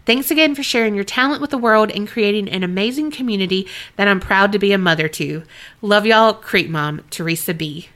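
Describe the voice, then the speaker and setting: A woman co-hosting a podcast, reading a listener's story aloud and then chatting casually, animated and laughing often. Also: mid-range voice, fairly quick. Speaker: podcast co-host.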